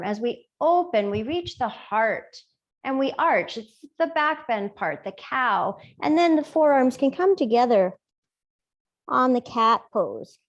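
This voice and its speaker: Slow, gentle woman yoga teacher. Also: a little high. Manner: soft, slow, playful cueing. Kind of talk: gentle guided yoga class.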